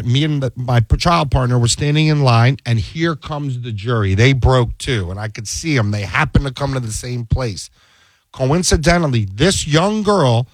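A male defense attorney spins a story in a casual interview, slipping into the voices of the people he quotes. His pitch sits in an ordinary middle range, and the recording is close and dry with no room sound. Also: no echo. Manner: animated storyteller who acts out the dialogue he quotes; frequent restarts and checks with the listener.

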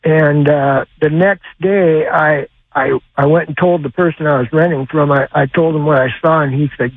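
An older man tells a long, rambling story over a tinny phone line, stopping often to hunt for words. His voice sits a bit high for a man. The sound is dry, with no room around it. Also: fairly even intonation, breathy edge, dry recording. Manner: rambling, halting with many uhs. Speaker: caller. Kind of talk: call-in radio story.

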